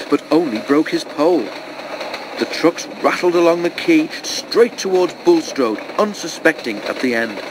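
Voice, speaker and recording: A man reading a children's storybook aloud in a steady, expressive storytelling voice. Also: on the high side, background noise. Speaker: storybook reader.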